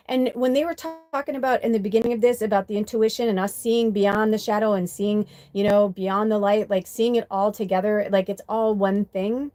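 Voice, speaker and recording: A woman hosting a spiritual live stream from home, speaking into a webcam mic. She talks in a loose, animated way, swearing freely and leaning on fillers. Her pitch sits in a middle range. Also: normal speed, few pauses. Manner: animated and profane, many fillers, quotes voices in mock tones. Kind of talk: casual live stream chat with tarot reading.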